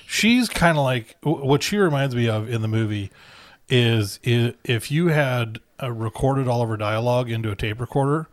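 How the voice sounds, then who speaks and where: Dude w dry delivery joking about movies, mid pitch, close dry mic. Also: male voice, normal speed, no room sound. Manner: wry, deadpan joker, acts out silly bits. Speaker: podcast co-host. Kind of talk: casual movie-review chat.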